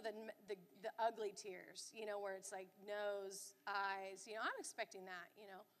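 A middle-aged woman pastor delivers a sermon in a high, bright voice, telling stories with animated, emphatic repetition. Her voice carries a long reverb from a large church hall.

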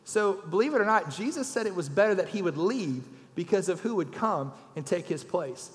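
A man's voice: sits high, expressive, normal speed. A man, preaching a folksy sermon as a guest speaker and telling jokes. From Louisiana. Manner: folksy storyteller, raises his voice for punchlines. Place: church sanctuary. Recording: long church hall reverb.

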